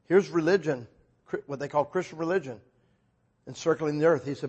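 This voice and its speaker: Husky-voiced man preaching a sermon. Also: fairly high pitch, brisk. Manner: conversational, acts out dialogue with sudden loud outbursts.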